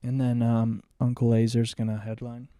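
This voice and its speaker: A man's voice: medium pitch, completely flat delivery, moderate pace, mellow, dry recording, clean studio sound. A man co-hosting a casual comedy podcast, easygoing and joking wryly. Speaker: podcast co-host. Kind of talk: casual chat.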